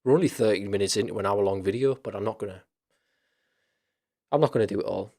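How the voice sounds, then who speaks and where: A man's voice: fairly low pitch, fast, darkish tone. A man hosting a casual chat stream, rambling loosely with lots of fillers, restarts and casual swearing.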